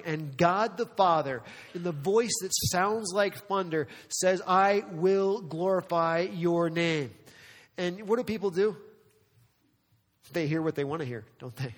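A male pastor preaching a dramatic, emphatic sermon full of rhetorical questions, slowing down for weighty lines and speeding up for asides. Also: high-pitched, animated, long reverb tail. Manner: swings between slow weighty phrasing and quick asides.

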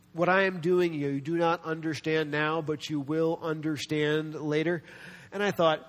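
A man preaching a sermon as a pastor, animated, often acting out the voices of people he quotes, with self-deprecating humor. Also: on the high side. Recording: long reverb of a large hall.

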